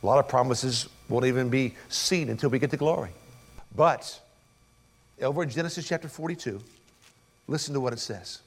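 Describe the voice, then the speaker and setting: A man's voice: medium pitch, moderate pace, pauses often. A male pastor preaching an expository sermon, emphatic and asking rhetorical questions.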